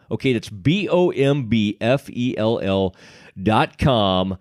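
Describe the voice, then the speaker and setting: A man's voice: lowish voice, expressive, slow pace, a little mellow, no echo, studio quality. A middle-aged man with an East Texan accent, co-hosting a sports podcast in a jokey, enthusiastic way. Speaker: podcast co-host. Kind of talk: casual sports podcast chat and host-read ad.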